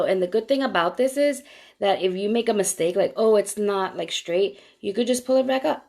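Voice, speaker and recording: A woman's voice: mid-range voice, a little mellow. Chatty woman demoing nail strips live. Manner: chatty, walks viewers through each step; greets viewers by name while demonstrating. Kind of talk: live-stream product demo.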